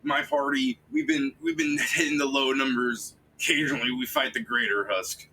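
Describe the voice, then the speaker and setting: Man voicing a slurring drunk dwarf, stammering, high, excitable, tabletop game voice. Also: normal speed, creaky, slight background noise, heavily acted, rough recording. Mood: drunk admiring. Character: drunk slurring male dwarf adventurer, admiring.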